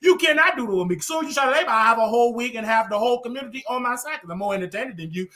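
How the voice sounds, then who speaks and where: A man's voice: very high voice, very fast, sharp tone. A man hosting his own show, delivering a heated, mocking commentary rant full of repetition. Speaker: show host.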